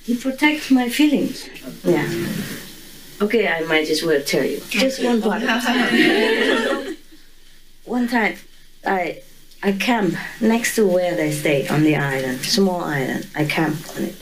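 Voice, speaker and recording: A woman's voice: lowish voice, big pitch swings, takes it slowly, a crowd in the background, low-quality recording. A woman being interviewed who tells a story with animation, laughing often and acting out voices and sounds.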